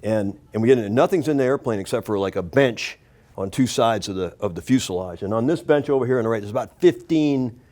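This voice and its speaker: A man in his sixties, a guest on a talk show, telling a story with lively energy and acting out the voices and shouts of the people in it. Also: medium pitch, quick pace. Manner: animated, acts out voices and shouts in his stories.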